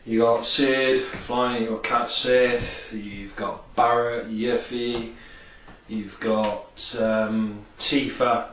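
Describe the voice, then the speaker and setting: A man's voice: mid-range voice, flat delivery, drawn-out words, a bit bright, recorded from a distance. A man chatting casually and enthusiastically about favourite film scenes, rambling with many fillers. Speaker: vlogger. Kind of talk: casual film and game review. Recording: echoey room, off-mic, faint hiss.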